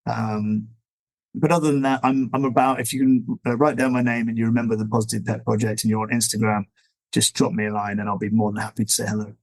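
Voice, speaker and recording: A man's voice: lowish voice, little pitch movement, quick pace, rough recording. A middle-aged man, a dog trainer, talking as an interview guest in a rambling, easygoing, explanatory way. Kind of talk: conversational interview.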